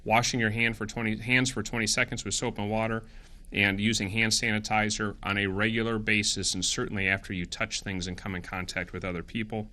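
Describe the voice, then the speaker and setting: A middle-aged man, briefing the press on health guidelines in an earnest, brisk way and correcting himself as he goes. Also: lowish voice, flat delivery, sharp tone.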